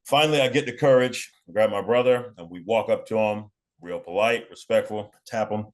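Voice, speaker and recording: A man's voice: lowish voice, moderate pace, hardly any pauses. A young man from New York telling a personal story in a laid-back, casual way, often repeating and restarting phrases. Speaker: podcast guest.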